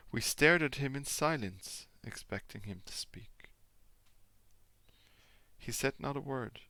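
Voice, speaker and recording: Man, german first language, reading a novel aloud, expressive, gravelly low voice, dry close sound. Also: dry recording. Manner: expressive, animated reading with small slips.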